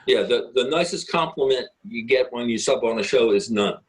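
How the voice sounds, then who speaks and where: A man's voice: medium pitch, normal speed, rough recording. A middle-aged man, a guest guitarist, telling rambling anecdotes in a casual interview, with many fillers and restarts.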